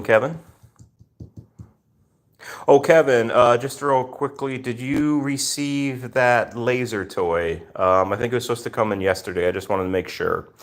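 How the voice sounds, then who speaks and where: A man hosts a relaxed live stream from home with his rescue cats around him. He reads out viewer names one by one and answers them in a chatty, unhurried way, often pausing on fillers. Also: fairly low pitch. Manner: chatty, greets viewers by name, many fillers. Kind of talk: casual live stream chat.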